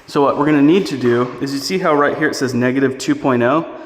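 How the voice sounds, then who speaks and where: A man giving a relaxed, chatty on-location tutorial, talking through each step while he walks through a house. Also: mid-range voice, quick pace, slight background noise. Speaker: real estate photography instructor. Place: indoors walking through a house.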